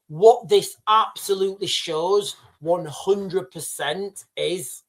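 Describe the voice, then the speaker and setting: A man hosting a casual livestream, rambling through the news with many fillers and restarts. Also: sits high. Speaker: livestream host. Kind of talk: casual live commentary.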